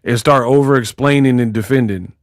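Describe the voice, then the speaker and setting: A man's voice: mid-range voice, a little fast, dry recording, clean studio sound. A man in casual commentary who talks in a mocking, slangy way and acts out quotes. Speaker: boxing commentator.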